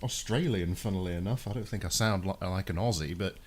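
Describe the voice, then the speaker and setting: A man's voice: low-pitched, fairly quick. Chatty British man muttering while working. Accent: regional British. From United Kingdom. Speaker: streamer doing console repairs. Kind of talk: casual live-stream chat.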